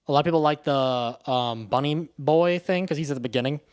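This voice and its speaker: A man's voice: fairly high pitch, brisk, smooth. A man giving a casual spoken movie review, rambling and swearing in a loose, offhand way.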